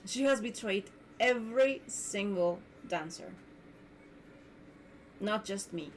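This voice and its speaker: A woman's voice: medium pitch, expressive, takes it slowly, slight background noise. A woman hosting her own podcast, delivering an indignant, repetitive rant as a solo monologue. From Mexico. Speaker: podcast host.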